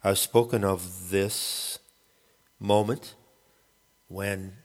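A man calling himself a shaman, rambling through a halting spoken monologue and often searching for the right word. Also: low voice, steady tone, big-room sound. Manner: halting, searching for words, many restarts. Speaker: self-described shaman.

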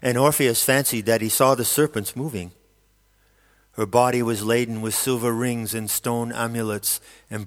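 Guy reading a myth audiobook, lowish voice, long reverby tail on it. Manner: steady, measured storytelling. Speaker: narrator. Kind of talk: scripted audiobook narration.

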